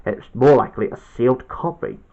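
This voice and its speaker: A man's voice: mid-range voice, close to an everyday voice. A man voicing a playful, jokey male puppet character who teases and chats along. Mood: curious. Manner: playful, joking, quick to tease. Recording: dull lo-fi home recording.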